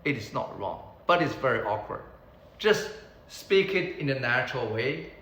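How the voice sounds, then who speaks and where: A man teaching beginners Mandarin, repeating each word slowly so learners can copy it. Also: mid-range voice, expressive, bright, forceful tone, echoey room, a little hiss or hum, rough recording. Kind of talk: beginner language lesson.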